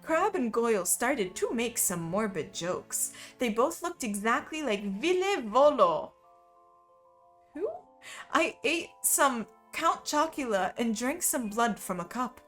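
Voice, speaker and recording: An amused woman reads a fanfiction aloud for a stream and keeps slipping into laughter. Her pitch rises and swoops a lot while the pace stays slow. Faint music plays behind her. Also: very animated, fairly bright tone. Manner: amused, often breaks into laughter. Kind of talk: comedic dramatic reading.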